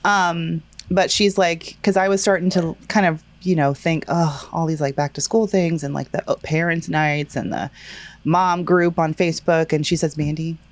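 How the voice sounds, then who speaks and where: Low-voiced woman co-hosting a podcast. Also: steady tone, normal speed. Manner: chatty, laughs while telling stories. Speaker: podcast co-host. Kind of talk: casual chat. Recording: studio podcast mic.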